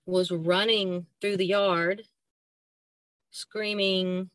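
A middle-aged woman with a Southern American accent talks as a podcast guest, her voice bright and clear against a dry, close sound. She tells her story haltingly, with plenty of ums and restarts, and slips into the voices of the people she quotes. Her pitch sits in a middle range. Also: flat delivery, no echo. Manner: halting, frequent fillers and restarts, acts out quoted dialogue. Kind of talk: personal storytelling in an interview.

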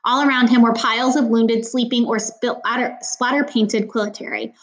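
A woman's voice: a little high, fairly even intonation, moderate pace. A woman reading a novel aloud in a plain voice, stopping now and then for casual asides, with small slips in her reading. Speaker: audiobook reader.

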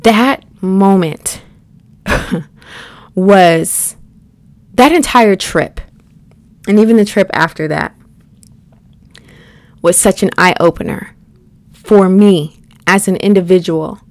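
Animated woman telling a story, dry close sound. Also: mid-range voice, takes it slowly, long pauses, dry recording. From United States. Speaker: speaker sharing a personal story. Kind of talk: personal storytelling talk.

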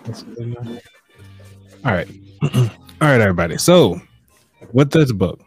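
A man's voice: mid-range voice, normal speed, soft background music. A man hosting a live online money show, chatting casually with fillers and reading a book passage aloud. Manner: relaxed, loose, with fillers and throat clearing.

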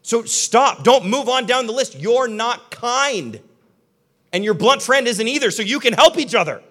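A man's voice: very high-pitched, expressive, measured pace, pushed and bright. A young man preaching a sermon to a live audience in a conversational, emphatic way, speaking directly to his listeners. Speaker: pastor. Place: church hall with a live audience.

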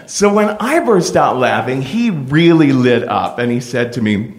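A middle-aged man hosting a podcast, telling a personal story in a playful, animated way. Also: mid-range voice, unhurried, hardly any pauses. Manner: animated, playful, full of impressions. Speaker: podcast host.

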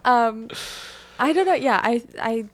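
A woman hosting a podcast in casual chat with a guest, chatty and quick to laugh. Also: a little high, expressive. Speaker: podcast host.

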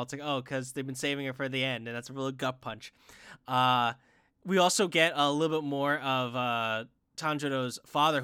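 Excitable bright-voiced man chatting anime. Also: on the high side, clean tone, no echo, clean studio sound. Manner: excitable, animated, frequent restarts. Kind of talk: casual anime discussion.

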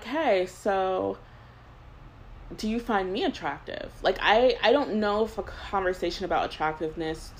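A woman in her twenties tells a story on her own podcast in a loose, rambling way, filling every gap with "like" and breaking into laughs between thoughts. Her voice sits a little on the low side, and a faint hiss runs under the recording. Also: poor audio. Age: 20s. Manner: rambling storyteller, heavy use of "like". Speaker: podcast host. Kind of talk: casual chat.

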